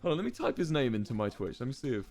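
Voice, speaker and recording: A young man streaming, telling a story to his chat in a casual, animated way, swearing freely and acting out what people said. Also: medium pitch, rapid-fire. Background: faint music.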